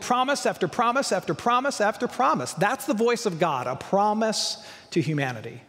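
A man's voice: high-pitched, lively intonation, a little fast, in a large hall. A male pastor preaching a sermon, emphatic, with repeated lists and rhetorical questions.

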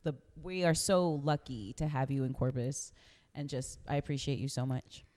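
Woman, podcast host, low voice, affirming, long room echo. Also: moderate pace. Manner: warm, affirming, brief backchannels. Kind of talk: casual interview chat. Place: guest's home.

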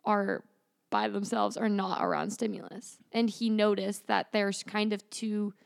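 A woman's voice: mid-range voice, expressive, unhurried, creaky. A woman co-hosting a casual podcast, chatty and good-humored as she explains ideas. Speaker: podcast co-host.

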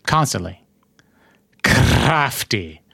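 A man co-hosting a casual podcast chat, wry and teasing, sometimes trying quick impressions. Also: mid-range voice, expressive, gravelly, sharp tone, breathy edge, no echo, clean studio sound. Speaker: podcast co-host.

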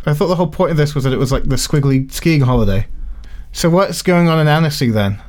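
A man's voice: a little high, quick pace, a little mellow. A man co-hosting a casual comedic podcast chat, talking in a dry, sarcastic, playfully grumpy way. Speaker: podcast co-host.

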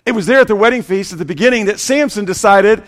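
Man, pastor, sermon, high voice, dramatic storytelling, loud and hushed swings, sarcastic asides. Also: quick pace.

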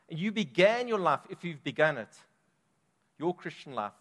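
A man's voice: on the high side, big pitch swings, moderate pace, a bit bright. Male pastor, dynamic sermon delivery, big hall reverb. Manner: emphatic, dynamic preaching with strong swells in volume. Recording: long reverb of a large hall.

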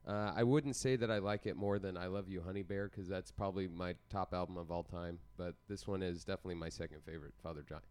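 A man with a low, smooth and clear voice talks through new music releases in a loose, rambling way. He jokes often and keeps filling the pauses with "uh" and "um". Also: steady tone, a little mellow. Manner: rambling, jokey, many fillers. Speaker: podcast co-host. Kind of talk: casual music chat.

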